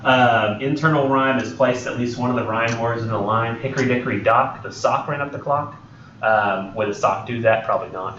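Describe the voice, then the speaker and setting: A man's voice: medium pitch, a little fast, a bit bright, a little hiss or hum. A young man with a drawl lectures a college class, wandering off on tangents and correcting himself as he goes. His mid-range voice carries across a roomy classroom, picked up from a distance. The recording sounds dull and lo-fi. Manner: rambling, joking, many ums and self-corrections. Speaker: college English instructor.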